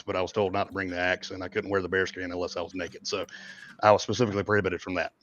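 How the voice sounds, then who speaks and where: Laughing low-voiced man in his forties. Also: brisk, long pauses, fairly bright tone. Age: 40s. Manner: chuckling, rambling, restarts. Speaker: event organizer. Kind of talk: casual livestream chat. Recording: dull dry lo-fi mic.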